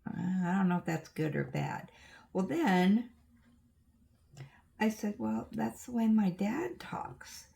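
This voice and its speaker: A woman's voice: medium pitch, expressive, slow pace, creaky, long pauses, warm tone. An older woman with an Oregon accent, chatting casually and rambling through stories while she works on a craft. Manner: rambling, chatty storytelling with asides. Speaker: crafting vlogger. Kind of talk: casual chat while diamond painting.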